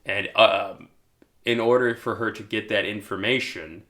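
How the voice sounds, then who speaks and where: A man co-hosting a podcast, recapping a TV episode in casual chat with jokes and quick asides. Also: fairly low pitch, crowd noise. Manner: joking, acts out characters' lines in quick asides. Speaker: podcast co-host.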